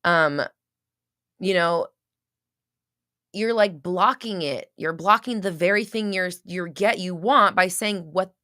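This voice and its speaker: A woman with a fairly low, bright, forceful voice takes her time and pauses often, recorded dry in a clean studio. As a podcast host answering listeners live, she chats casually and frankly, swears a lot, uses many fillers and restarts, and acts out brief scenes in quoted voices.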